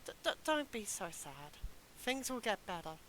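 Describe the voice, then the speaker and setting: Kindly wandering bard woman in a tabletop game, soft and soothing, bright voice, put on by the game master. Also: medium pitch, sing-song, normal speed, slight background noise, rough recording. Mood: gentle. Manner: gentle, soothing, chatty. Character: friendly wandering female bard, kindly and curious.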